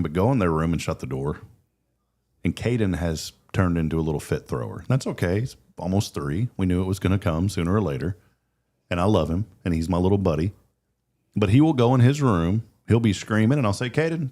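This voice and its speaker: A man's voice: deep voice, darkish tone. A man hosting a casual talk show, chatty and earnest, often repeating words as he starts a sentence. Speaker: host.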